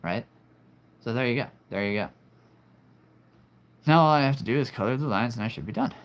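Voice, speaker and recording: A man's voice: mid-range voice, lively intonation, fairly quick, slight background noise. A man hosting a live stream, talking to his viewers in an earnest, heartfelt, reflective way. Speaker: livestream host.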